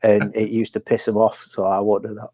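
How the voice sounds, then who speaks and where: A man's voice: fairly low pitch, completely flat delivery, fairly quick, a loud crowd. A man from England with a Yorkshire accent, chatting as a guest on a live stream and rambling with fillers, restarts and swearing. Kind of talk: casual conversation.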